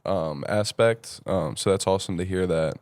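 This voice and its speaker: A man's voice: sits low, normal speed, darkish tone, dry recording. A man hosting a podcast interview, responding in an earnest, encouraging way. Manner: earnest, encouraging, with many fillers. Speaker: podcast host. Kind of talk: casual interview chat.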